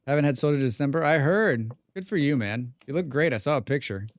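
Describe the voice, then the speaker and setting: A man's voice: medium pitch, expressive, fairly quick, no room sound. A man live-streaming a survival game, reading viewer chat aloud and answering with dry, rambling jokes, humming and mumbling to himself in between.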